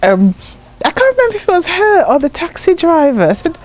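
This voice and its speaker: A woman from Jamaica, a poet, telling personal stories in an interview with an animated manner, acting out voices and laughing often. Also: very high voice, a little fast. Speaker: guest, poet and writer.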